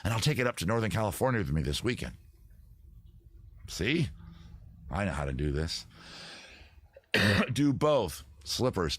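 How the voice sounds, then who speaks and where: A lowish-voiced man hosting a loose livestream from his computer at home. He rambles, reads out chat and fakes outrage at his viewers. The sound is dry and close, with no room around it. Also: sing-song, a little slow, long pauses, a bit bright, dry recording. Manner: rambling, mock-indignant banter with chat. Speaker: livestream host. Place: home setup at a computer with several monitors.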